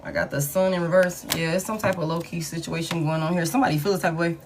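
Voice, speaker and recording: A woman's voice: lowish voice, steady tone, quick pace, a little hiss or hum. A woman, chatting casually to her viewers as she reads tarot cards aloud in a live stream. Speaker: tarot reader.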